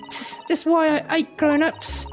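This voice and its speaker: A man voicing a brash cockney street girl in a strained, squeaky falsetto while playing a detective game. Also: completely flat delivery, measured pace, a bit bright, faint music behind. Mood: annoyed.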